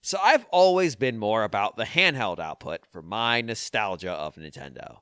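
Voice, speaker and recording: A man's voice: lowish voice, animated, moderate pace, sharp tone, clear, resonant tone, no echo. Guy hosting a podcast, jokey and self-deprecating, voice bounces up and down a lot, dry close sound. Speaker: podcast host. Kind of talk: casual podcast chat and reading listener email aloud. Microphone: studio microphone.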